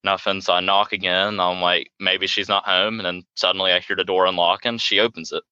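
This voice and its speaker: A man's voice: sits low, steady tone, fast, sharp tone, clear, resonant tone, dry recording, lo-fi sound. A man, co-hosting a podcast and telling rambling, self-mocking stories full of fillers. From South Carolina. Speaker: podcast co-host. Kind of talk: casual storytelling chat.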